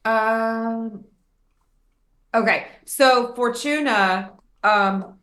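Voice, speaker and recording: A woman's voice: on the high side, extremely slow, fairly bright tone. A woman playing in a tabletop game, describing her character's actions casually with filler words. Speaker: player. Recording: roomy echo.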